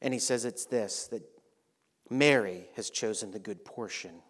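A man preaching a sermon, animated, dropping to soft, hushed lines on key points. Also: fairly low pitch, unhurried. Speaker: pastor.

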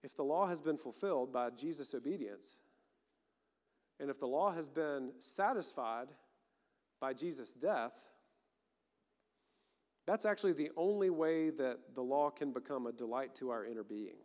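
A man's voice: medium pitch, animated, a little slow, pauses often, darkish tone. A man preaching a sermon as pastor, earnest and emphatic, with rising bursts of intensity. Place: church sanctuary. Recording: long hall reverb.

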